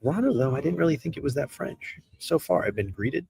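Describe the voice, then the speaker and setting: A man's voice: fairly high pitch, big pitch swings, fairly quick, gravelly, a little mellow, breathy edge, no echo. A man in his thirties, hosting a live stream in casual chat, rambling and profane and answering chat as he goes. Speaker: streamer host. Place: hotel room.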